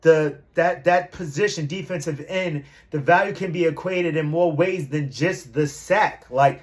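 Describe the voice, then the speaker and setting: A young man vlogging about his team in a loose, slangy ramble. His voice runs a little higher than most men's. Every so often he breaks into loud, hyped-up shouts before settling back into easy chatter. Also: measured pace. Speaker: sports fan vlogger. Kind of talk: casual fan commentary.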